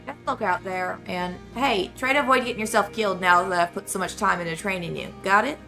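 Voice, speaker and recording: A brisk alien flight instructor gives orders in a put-on Southern accent, as a woman reads the game dialogue aloud. The voice is bright, with a gravelly fry. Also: medium pitch, soft background music. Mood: bossy. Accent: put-on American Southern.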